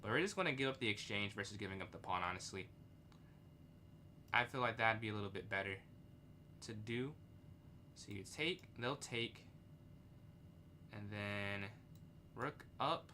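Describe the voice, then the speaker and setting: Young male streamer talking through live chess games, bright tone, quick outbursts, faint typing behind. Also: on the low side, slight background noise. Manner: thinks aloud, reads chat, excitable outbursts.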